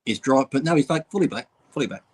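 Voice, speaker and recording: A man's voice: mid-range voice, expressive, fast, a little mellow, slightly rough, low-quality recording. A middle-aged man, a blunt storyteller cracking crude jokes in casual chat. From Australia. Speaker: bodybuilder co-host.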